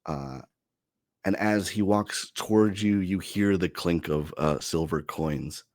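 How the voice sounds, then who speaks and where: A man narrating a tabletop game as game master, relaxed and rambling with fillers. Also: low-pitched, slow, no room sound, clean studio sound.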